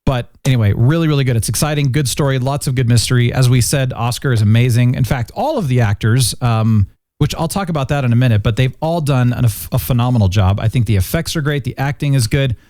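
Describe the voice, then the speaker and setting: A man hosting a casual review chat, upbeat and jokey, his pitch swinging up and down a lot. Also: fast talker, a little mellow, no echo, clean studio sound. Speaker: podcast host.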